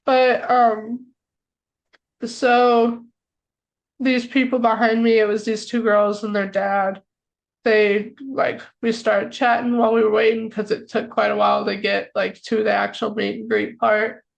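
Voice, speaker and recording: A young American woman telling a story on a podcast, excitable and full of "like" fillers. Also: on the high side, a little slow, vocal fry, highs cut off. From United States. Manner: excitable, filler-heavy with lots of "like". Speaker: podcast co-host. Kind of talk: casual storytelling chat.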